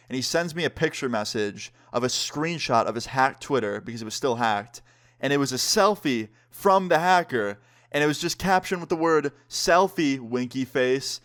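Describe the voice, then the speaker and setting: A man telling a story time on his vlog, casual and joking, swearing freely. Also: medium pitch. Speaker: vlogger.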